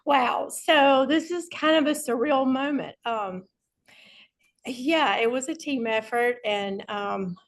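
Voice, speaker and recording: A woman on a video call giving an emotional, excited thank-you, laughing often and trying not to cry. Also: high-pitched, takes it slowly. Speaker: honored team member.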